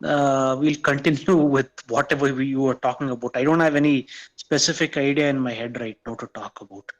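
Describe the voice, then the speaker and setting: A man's voice: medium pitch, fairly even intonation, fairly quick, muffled recording. A man joining a live stream as a viewer, talking hesitantly with lots of stammers and fillers. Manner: hesitant, stammering, many uh's. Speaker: viewer guest. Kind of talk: casual stream chat.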